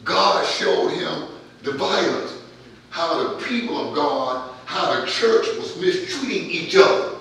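A man preaching a sermon as pastor, his voice swelling louder as he drives points home. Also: a little high, wildly swooping pitch, slow pace, a little hiss or hum. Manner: preaching with rising volume and calls of amen. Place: church sanctuary. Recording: distant mic in an echoey church hall.

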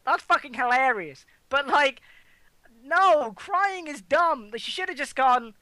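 A woman with a bright, lively voice co-hosts a casual chat, full of sarcasm and giggles. She swears freely and mocks the people she talks about. The recording is dry and close. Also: high voice, a little slow, no echo. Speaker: wrestling podcast co-host.

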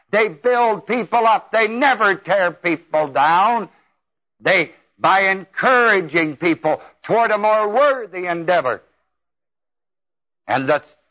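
A man's voice: sits high, bright, forceful tone. A man preaching a sermon in a folksy, emphatic way, with exclamations. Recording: dull lo-fi tape.

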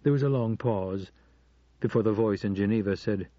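A man reading an audiobook in measured, suspenseful scripted narration. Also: fairly low pitch, mellow, no room sound. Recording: muffled cassette audiobook.

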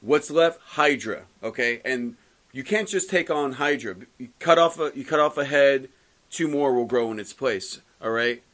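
A man co-hosting a casual podcast, recapping a comic book story with lively quoted lines and frequent restarts. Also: mid-range voice, moderate pace. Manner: animated storytelling, recapping plot with quoted voices. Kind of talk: casual chat.

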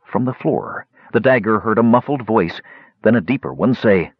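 A man narrating a fantasy audiobook in an expressive storytelling manner. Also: on the low side, normal speed, husky, no room sound. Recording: dry, slightly muffled recording.

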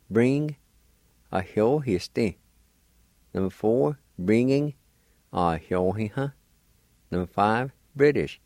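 A man teaching a slow radio language lesson, spelling words letter by letter. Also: on the low side, a little mellow, dry recording.

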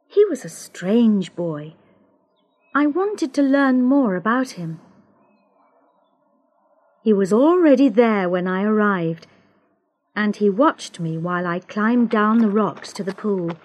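Slow, lively-voiced woman narrator. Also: mid-range voice, lo-fi sound. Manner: slow, careful, expressive reading with voiced dialogue. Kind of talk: scripted storybook narration.

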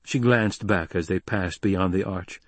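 A man reading a novel aloud as an audiobook narrator, in an even, measured way. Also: sits low, no room sound. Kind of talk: scripted narration.

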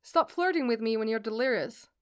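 A woman's voice: fairly high pitch, expressive, a little fast, smooth, natural voice. Brief: woman reader as an anxious young man, flustered and urgent. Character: anxious young man nursing a sick friend. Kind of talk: fan fiction reading.

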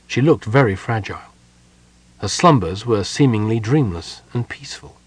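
A man narrating an audiobook in a measured, quiet way. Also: on the low side, animated, slightly rough, no room sound, poor audio.

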